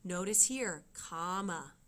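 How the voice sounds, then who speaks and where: A woman's voice: fairly low pitch, animated, takes it slowly, fairly bright tone. A woman teaching a writing lesson, explaining step by step and checking in with her students. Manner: explains step by step, often asks "okay?".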